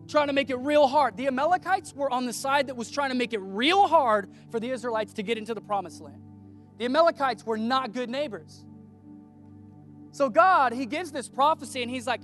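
A man with a notably high voice delivers a relaxed, chatty sermon. He tells stories with plenty of animation and slips into the voices of the people he quotes. Faint music plays softly behind him. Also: fairly quick. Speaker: preacher. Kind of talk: casual conversational sermon.

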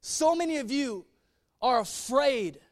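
Male pastor, very high voice, dry close sound, joking then soft and earnest. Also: expressive, slow, dry recording. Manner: humorous and conversational, dropping to soft, earnest tones. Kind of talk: sermon.

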